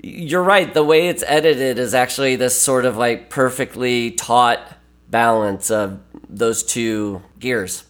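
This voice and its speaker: A man talking casually as a podcast guest, rambling and animated, with many fillers and restarts. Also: mid-range voice, slow pace. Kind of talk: casual film discussion.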